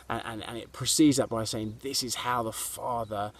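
A man's voice: mid-range voice, steady tone, moderate pace, hardly any pauses. A man preaching a sermon to people watching online, earnest and conversational, asking his listeners questions as he goes. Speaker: pastor. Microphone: video to online viewers.

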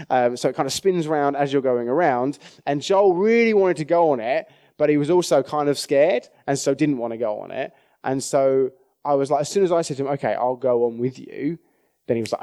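A man's voice: mid-range voice, mellow. A man preaching a sermon in a conversational way, often checking in with his listeners.

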